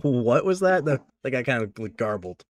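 A man's voice: medium pitch, very animated, moderate pace, dry recording. A man running a tabletop game as game master, narrating loosely with lots of fillers and frequent laughter.

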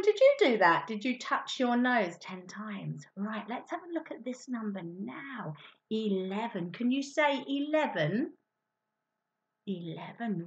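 Animated teacher for little children. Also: female voice, mid-range voice. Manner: sing-song, exaggerated and encouraging, with hushed asides. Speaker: teacher presenting to young children. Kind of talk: children's maths lesson with a puppet. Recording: dull lo-fi recording.

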